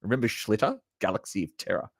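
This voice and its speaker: Here a low-ish, breathy male voice moves quickly, captured in a dry, studio-quality recording. He's an Australian livestream host reacting to trailers, chatty with his viewers and quick with lively asides.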